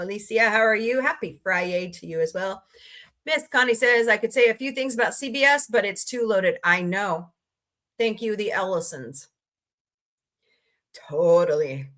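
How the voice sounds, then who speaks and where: A livestream host with a fairly high-pitched, pushed, bright voice keeps things casual, reading the live chat and greeting viewers by name. Between shout-outs, she rants about the latest entertainment news.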